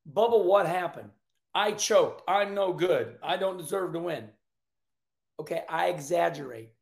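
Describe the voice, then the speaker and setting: An older man giving casual, joking commentary on a race, chatty and animated with frequent asides. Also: high-pitched, gravelly. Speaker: racing commentator.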